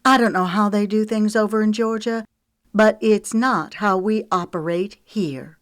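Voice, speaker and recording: A woman's voice: mid-range voice, unhurried, pitched above the performer's own voice, natural voice. A woman voicing a haughty, jealous young woman who scolds sharply and turns petulant. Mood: indignant.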